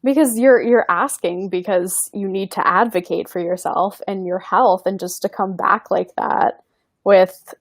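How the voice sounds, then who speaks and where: A woman's voice: mid-range voice, unhurried, dry recording. A woman comedian co-hosting a casual live podcast, speaking in a supportive, agreeable way. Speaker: co-host and comedian.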